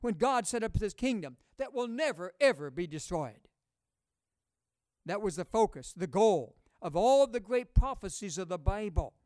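High-voiced preacher guy, punchy call-and-response sermon, very dry sound. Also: lively intonation, moderate pace, darkish tone, no room sound. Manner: booming rises on key words. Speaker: pastor.

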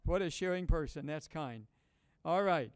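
High-voiced preacher guy, punchy call-and-response sermon, very dry sound. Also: expressive, normal speed, clear, resonant tone, no room sound. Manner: booming rises on key words. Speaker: pastor.

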